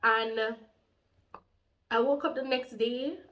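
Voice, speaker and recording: A Jamaican woman in her thirties telling her personal faith testimony, animated and heartfelt, slipping into patois. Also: fairly high pitch, takes it slowly. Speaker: faith channel co-host.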